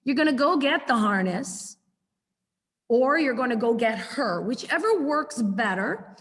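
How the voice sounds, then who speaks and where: A woman's voice: fairly high pitch, lively intonation, measured pace, fairly bright tone, big-room sound. A middle-aged woman teaching a puppy training class on a video call, chatty and acting out her corrections to the dog. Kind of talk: online class lecture.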